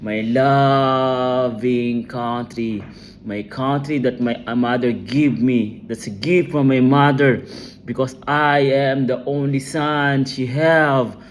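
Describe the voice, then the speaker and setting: A man's voice: mid-range voice, steady tone, takes it slowly, slight background noise. A man delivering an intense, rambling personal monologue, emotional and full of profanity.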